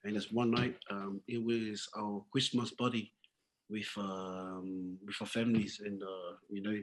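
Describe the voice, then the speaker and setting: A man's voice: lowish voice, level tone, measured pace, rough recording. A man, a rugby player, chatting as a podcast guest in a laid-back way with easy chuckles. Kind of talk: casual podcast chat.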